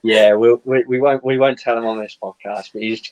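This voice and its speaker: A man's voice: mid-range voice, steady tone, brisk, darkish tone. A man hosting a podcast, easygoing, asking questions to steer the chat. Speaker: podcast host. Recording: slightly muffled lo-fi sound.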